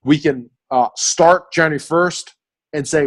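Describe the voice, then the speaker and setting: A man's voice: on the high side, a little slow. A man hosting a group mastermind video call, coaching the group in an earnest way and often checking in with "right?". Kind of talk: motivational coaching talk.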